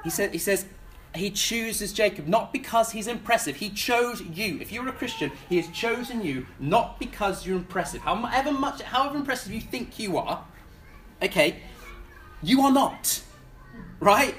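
A preacher talks through a sermon in an easygoing, conversational way, often restarting words and asking the congregation questions. The voice sits at a middle pitch. A faint hiss of noise runs under the recording. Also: animated, moderate pace, a bit bright.

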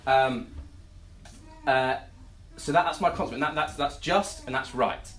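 A preacher giving a sermon, telling everyday stories with many restarts and quick acted-out asides. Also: mid-range voice. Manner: animated storytelling with many restarts.

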